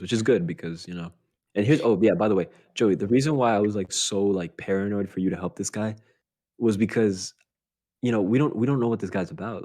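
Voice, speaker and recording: Give me a young male podcast host with a lowish voice, telling a wild story with plenty of swearing. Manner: animated, swears a lot, laughs while telling. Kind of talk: casual storytelling chat.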